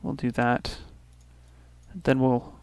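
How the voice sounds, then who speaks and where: A man from Canada talks through his strategy game at a middling pitch, wandering between remarks and correcting himself mid-sentence. The sound is dry and close, with no room around the voice. He keeps up a relaxed stream of gameplay commentary. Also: slow pace, clean tone, no echo. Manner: rambling, thinking aloud with restarts and small asides. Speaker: let's play host.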